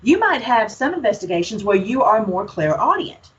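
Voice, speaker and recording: A woman's voice: mid-range voice, sing-song, normal speed, lo-fi sound. A woman from Alabama with a Southern accent, talking as a guest in a casual chat, outspoken and folksy. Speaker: podcast guest, paranormal investigator.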